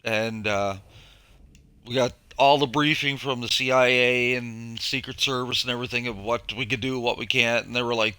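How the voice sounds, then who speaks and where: A man's voice: medium pitch, steady tone, normal speed, bright, forceful tone, clean tone, dry recording. A man, a former chef, telling rambling stories in casual chat, with profanity and acted-out quotes.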